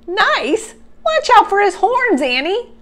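A woman's voice: very high-pitched, sing-song, slow pace, fairly bright tone, pitched above the performer's own voice, heavily acted. A woman voicing a cautious, worried young boy in a read-aloud storybook, calling out urgent warnings. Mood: alarmed.

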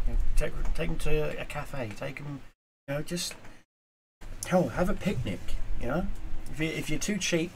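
A man talking straight to camera in a casual motivational vlog, earnest and rambling, moving from quiet reflection to emphatic urging. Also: fairly high pitch, moderate pace, vocal fry, slight background noise. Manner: earnest, rambling, with fillers and repeats. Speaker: YouTuber.

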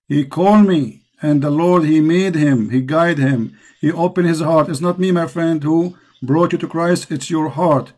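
A man with an Arabic accent preaches to a caller, pressing his points again and again with fervour. His voice sits a little high for a man. He hosts the show and speaks straight to the listener. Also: measured pace, darkish tone. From Middle East. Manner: impassioned, repetitive preaching. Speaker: host.

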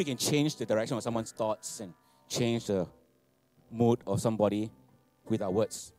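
A man, preaching a sermon, animated and laughing, repeating phrases and asking for amens. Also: mid-range voice, a little fast, dry recording, faint music behind. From Malaysia. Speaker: pastor. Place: church hall.

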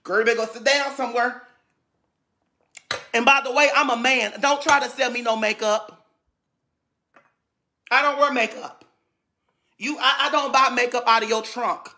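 A man's voice: very high-pitched, steady tone, moderate pace, long pauses, sharp tone. A man from St. Louis ranting dramatically on a livestream, sassy and repetitive, often stumbling over his words. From St. Louis, USA. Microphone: phone.

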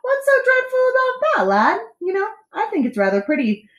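A woman's voice: medium pitch, big pitch swings, unhurried, reverberant. A woman voicing a vain, boastful male captain of the guards who laughs off danger in a storybook reading. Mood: mocking. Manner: laughing, dismissive, swaggering.

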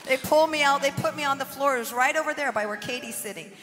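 A woman with a somewhat high voice giving a fervent testimony on stage, laughing and breathless as she speaks. Her voice rings through a large echoing hall while clear music plays behind her. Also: fast talker, fairly bright tone. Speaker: testimony giver.

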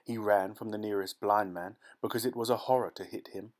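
A man narrating a classic short story as an audiobook, reading in a steady, measured way. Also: on the low side. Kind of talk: scripted narration.

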